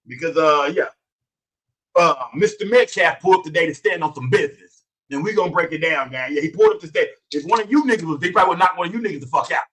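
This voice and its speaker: A man hosting a livestream, reading chat names rapid-fire in loose, slangy, profane talk. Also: fairly high pitch, fairly bright tone, distant mic. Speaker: livestream host. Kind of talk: casual livestream commentary and chat shout-outs.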